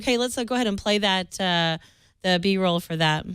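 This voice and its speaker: Upbeat woman hosting a panel, smooth voice. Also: mid-range voice, moderate pace, a bit bright, no echo. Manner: upbeat, leads the conversation. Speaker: podcast host. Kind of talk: casual panel discussion.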